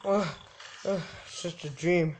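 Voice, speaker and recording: A man's voice: a little high, steady tone, unhurried. Goofy young man doing game commentary. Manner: goofy, jokey, voices in-game characters. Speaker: gaming YouTuber. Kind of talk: let's play commentary.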